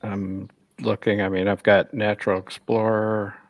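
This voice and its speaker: A deep man with a gravelly edge reads out his character's skills and rolls in a slow, halting way. The sound is dry and close. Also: flat delivery, no echo. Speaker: player. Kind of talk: casual tabletop game chat.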